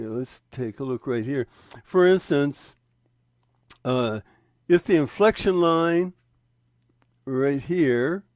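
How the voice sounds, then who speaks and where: A man in a dry, close recording, explaining a chart at a slow, unhurried pace. He often stops, restarts his sentences and points at spots on the screen. His voice sits at a medium pitch. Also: a little mellow, dry recording. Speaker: trading instructor. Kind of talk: screen-share walkthrough of a trading indicator.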